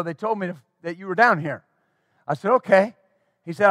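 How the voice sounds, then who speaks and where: A middle-aged man pastor telling a folksy story in a sermon, animated and full of restarts. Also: sits high, normal speed, pauses often, no echo, clean studio sound. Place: church.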